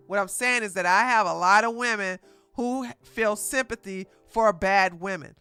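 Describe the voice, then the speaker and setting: A woman's voice: medium pitch, a little slow, pushed and bright, clear, resonant tone, no echo, faint music behind. A woman giving casual reaction commentary, blunt and emphatic, lecturing in slangy speech. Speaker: commentary streamer.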